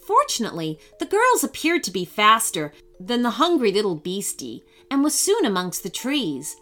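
A woman narrating a children's storybook in an expressive, animated way. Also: mid-range voice, moderate pace, faint music behind.

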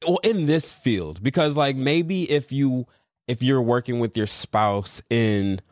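A young man co-hosting a casual chat with his wife, relaxed and agreeable, often putting in "yeah" and "mm-hmm". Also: medium pitch, slow pace, no room sound, clean studio sound. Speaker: co-host, married creator couple.

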